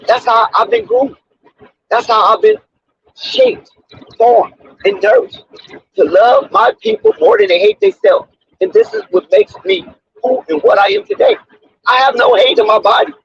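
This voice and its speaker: A man's voice: very high voice, sing-song, unhurried, vocal fry, pauses often, no echo. A man hosting his own sports commentary channel, talking in an emphatic, preachy and repetitive way with street slang, on a dull lo-fi recording. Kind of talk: off-the-cuff sports commentary monologue.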